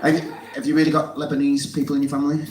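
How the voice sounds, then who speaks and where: A man's voice: fairly high pitch, completely flat delivery, rapid-fire. A man compering a live comedy night, teasing the crowd, swearing and laughing along as he introduces acts. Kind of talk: stand-up compering with crowd banter. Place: live comedy gig venue. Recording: echoey room, distant mic, loud noise.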